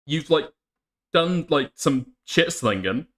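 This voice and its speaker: A man's voice: fairly high pitch, lively intonation, slow, a bit bright. A man hosting a commentary channel, talking casually over clips and mocking them, laughing often.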